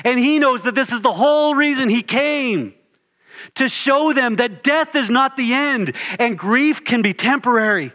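A man's voice: extremely high pitch, lively intonation, unhurried, bright, forceful tone. A man preaching a sermon in an earnest way, building his points through repeated phrases.

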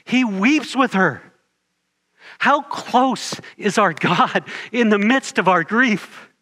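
A man's voice: sits high, lively intonation, takes it slowly, pushed and bright. A man preaching a sermon in an earnest way, building his points through repeated phrases.

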